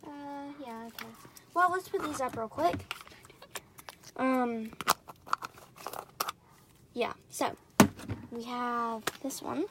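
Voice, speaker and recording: A young woman with a high voice talks casually as she unpacks and tests slimes. She jumps between bright squeals and soft, breathy near-whispers. The recording has heavy background noise. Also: takes it slowly, long pauses. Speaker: slime reviewer. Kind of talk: casual unboxing chat.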